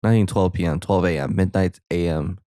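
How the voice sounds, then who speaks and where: A man from the Southern United States hosting a solo movie commentary podcast, reacting excitably with sudden high exclamations. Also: brisk, dry recording, studio quality. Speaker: podcast host.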